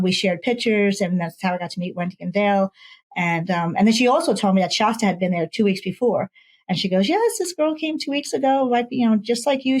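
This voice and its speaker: A woman's voice: mid-range voice, darkish tone, rough recording. A woman author from Ohio, a guest in an interview, telling her story with lots of energy and acting out the quoted voices.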